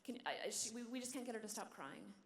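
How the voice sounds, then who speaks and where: A religious sister giving a talk at a conference, telling stories with animated energy and dropping to a hushed whisper at tender moments. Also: female voice, on the high side, fast, slight background noise. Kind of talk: sermon. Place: large hall. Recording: echoey hall.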